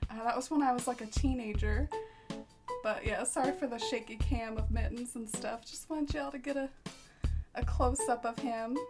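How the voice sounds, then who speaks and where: A woman's voice: a little high, steady tone, moderate pace. A young woman streaming casually, giggling and cooing at her cat, with music playing behind her. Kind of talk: casual livestream chat.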